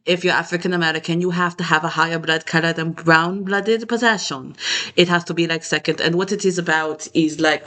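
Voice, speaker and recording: A man's voice: a little high, fairly bright tone. Rambling man talking to camera. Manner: meandering, loose, with many fillers. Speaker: vlogger. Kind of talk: rambling solo monologue.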